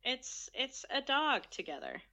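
Bright, teasing woman podcast co-host. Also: high-pitched, big pitch swings. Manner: playful, teasing, quick to laugh. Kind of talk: casual soccer podcast chat.

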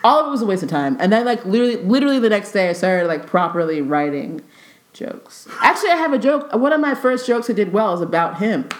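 Animated, foul-mouthed young woman storyteller. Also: mid-range voice, fast talker. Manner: animated, profane, laughs often, acts out quoted dialogue. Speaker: stand-up comedian guest. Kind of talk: casual podcast storytelling. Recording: roomy echo.

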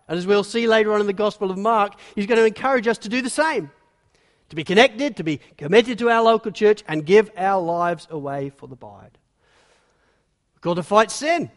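A man preaching a sermon as pastor, emphatic and animated, telling the story with energy. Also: high-pitched. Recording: long reverb of a large hall.

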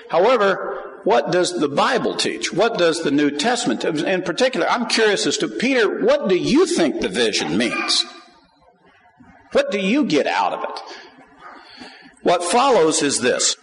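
A man's voice: on the high side, moderate pace. Man preaching in a reverberant hall. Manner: animated, rising to emphatic peaks; asks the congregation questions. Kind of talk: sermon with scripture reading.

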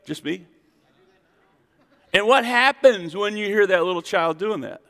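Gravelly pastor preaching in a reverberant hall. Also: male voice, high voice, a little slow. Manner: animated preaching with call-and-response to the congregation. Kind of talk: sermon. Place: church sanctuary.

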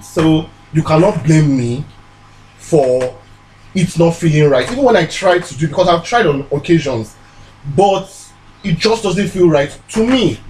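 A man's voice: on the high side, a little mellow, a little hiss or hum, low-quality recording. A young man from Nigeria co-hosting a casual podcast chat, emphatic and prone to repeating his points. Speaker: podcast co-host.

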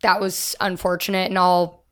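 A woman's voice: lowish voice, little pitch movement, moderate pace, a bit bright. A woman co-hosting a podcast, talking casually and enthusiastically with her co-hosts. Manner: enthusiastic, gushing. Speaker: podcast co-host. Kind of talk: casual chat.

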